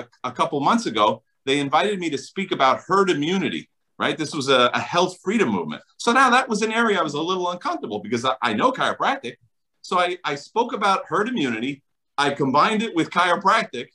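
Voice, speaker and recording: A man's voice: on the high side, sing-song, a little fast, pushed and bright, rough recording. A middle-aged man with a New Jersey accent, a chiropractor talking enthusiastically and emphatically in an interview. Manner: enthusiastic, emphatic, laughs often. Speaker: chiropractor guest. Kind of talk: animated interview talk.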